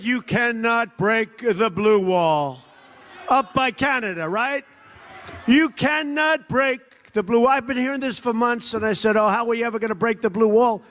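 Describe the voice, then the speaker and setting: An older man in his seventies giving a loud, rambling rally speech from a podium, mocking people with put-on quotes. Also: high voice. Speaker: political speaker at a rally. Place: large rally venue.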